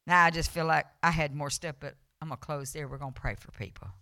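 A woman preaching a revival sermon, telling a personal testimony, swinging from soft storytelling to loud, emotional preaching. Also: low voice, fairly even intonation, fast talker, no echo.

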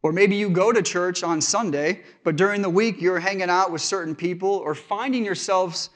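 A man's voice: high-pitched, normal speed, fairly bright tone. A male pastor giving a sermon, telling stories from his family life in an earnest, conversational way.

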